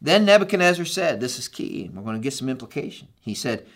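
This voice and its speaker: A man's voice: medium pitch, big pitch swings, quick pace, fairly bright tone. A male pastor giving a sermon, telling a story with animation, acting out the quoted lines and often asking the listeners "right?".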